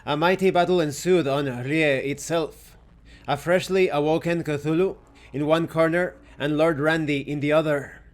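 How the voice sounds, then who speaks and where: A man's voice: on the high side, fairly even intonation, normal speed. A man hosting a tabletop game review channel, reading lore aloud in an earnest storytelling way and then thanking his viewers. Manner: stops to correct his own pronunciation.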